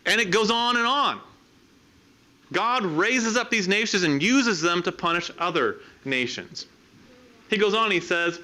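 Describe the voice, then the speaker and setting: A middle-aged man preaching a sermon, explaining scripture in a measured, teaching way and reading verses aloud. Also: high voice, animated, sharp tone.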